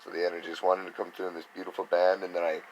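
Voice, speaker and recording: A man's voice: low voice, flat delivery, very fast, a little mellow, a little hiss or hum, low-quality recording. A man giving a rambling, casual spiritual talk, acting out other people's reactions in quoted voices. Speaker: spiritual speaker.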